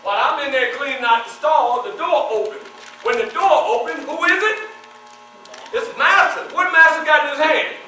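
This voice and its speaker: A man with a very high, ringing voice tells a dramatic first-person story to a live audience, firing questions at the crowd and answering them himself. He sounds far from the mic in a very echoey hall. A faint mains hum sits under his voice. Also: normal speed, sharp tone. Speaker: historical reenactor performing in character.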